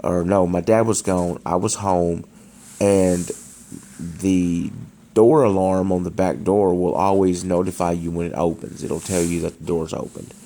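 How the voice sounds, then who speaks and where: Man, deep gravelly voice, halting casual storyteller, faint background hiss. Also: steady tone, dark tone. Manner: hesitant, many restarts and fillers. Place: dark room at home.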